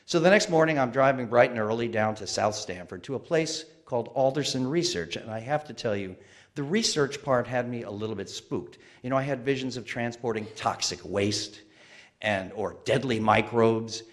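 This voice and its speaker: A man's voice: medium pitch, moderate pace. A man in his fifties telling a wry, self-deprecating personal story on stage. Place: museum stage.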